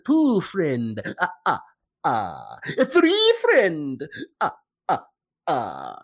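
A man's voice: fairly high pitch, wildly swooping pitch, a bit bright, voice pushed up, exaggerated voice. A man putting on a hammy vampire-like announcer voice, drawing out his counting. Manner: theatrical, drawn-out counting. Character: campy vampire-like announcer voice, male.

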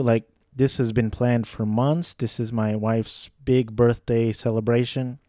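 A young man tells a story in a relaxed, wandering way. He laughs at himself, swears now and then and restarts his sentences. His voice is warm and mellow, and the recording is dry and close. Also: medium pitch, moderate pace, hardly any pauses, dry recording. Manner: rambling, self-deprecating, with profanity and frequent restarts. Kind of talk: casual storytelling monologue.

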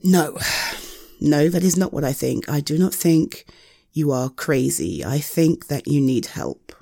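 Young woman playing a gentle partner in an audio role-play: slow, hesitant, soothing, gravelly and dark-toned. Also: sits low, expressive, dry recording, studio quality.

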